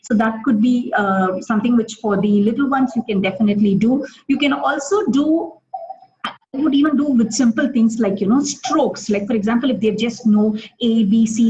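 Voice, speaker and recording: A middle-aged woman with an Indian English accent, giving a live webinar for teachers and explaining with many examples, often pausing on fillers and restarting. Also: on the high side, mellow, lo-fi sound. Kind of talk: live webinar talk answering questions.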